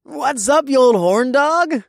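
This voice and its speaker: Guy doing a nasally frat bro, loud and crude, super high and jumpy. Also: lively intonation, slow, gravelly, no room sound, studio quality, heavily acted. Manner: brash, crude and teasing. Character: loud obnoxious young frat-boy college guy.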